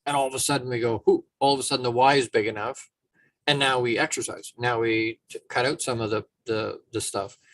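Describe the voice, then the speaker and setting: Brief: male motivational speaker, mid-pitch, dry close mic, lively storyteller. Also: fairly quick, dry recording. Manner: animated storyteller, acting out quotes. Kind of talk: casual motivational talk.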